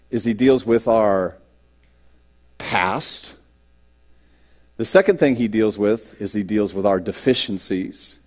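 A man's voice: medium pitch, darkish tone. A man preaching a sermon as a pastor, acting out quoted lines and self-doubt, with stammered restarts. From United States. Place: church sanctuary.

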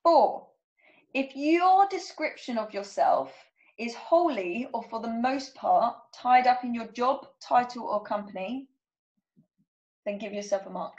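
A woman's voice: fairly high pitch, lively intonation, a little slow, darkish tone, muffled recording. A woman coach giving a workshop talk, reading out numbered statements and checking in with her listeners. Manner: checks in with frequent "okay?".

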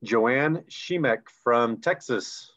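A man's voice: mid-range voice, takes it slowly, fairly bright tone. A man co-hosting a live online recognition event, reading names and chatting enthusiastically about ranks over a video call. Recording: dull lo-fi video call audio.

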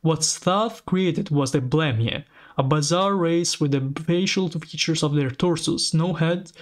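A man's voice: fairly high pitch, measured pace. A man who is a native Italian speaker, hosting a channel and casually commenting on a map while reading its lore aloud, rambling, correcting himself and sounding amused. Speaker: channel host.

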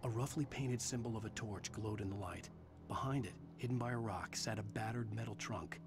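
A man voicing a tense male novelist narrating a video game in a measured, brooding manner, heard over loud game music. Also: on the low side, noisy background, close to an everyday voice.

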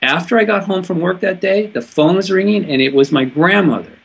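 A man from California, a guest in an interview, telling a personal story in an earnest, halting way with frequent restarts. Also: high voice, creaky, slightly rough.

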